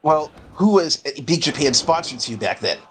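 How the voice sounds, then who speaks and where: A man's voice: a little high, moderate pace. Chatty man calling wrestling game action. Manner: chatty, bursts into excited play-by-play. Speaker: streamer and host. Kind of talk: casual gameplay chat and commentary.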